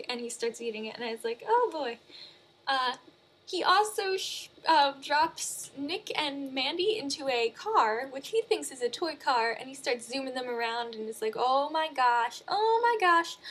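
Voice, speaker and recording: A woman casually recapping a movie in a chatty, animated way. She uses lots of fillers and corrects herself as she goes. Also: fairly high pitch, a little hiss or hum. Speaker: movie reviewer.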